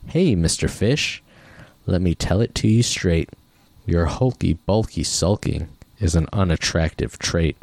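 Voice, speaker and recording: A man's voice: deep voice, expressive, a little slow, a little mellow, no echo, heavily acted. A man voicing a blunt octopus who tells it straight. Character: blunt eight-armed octopus.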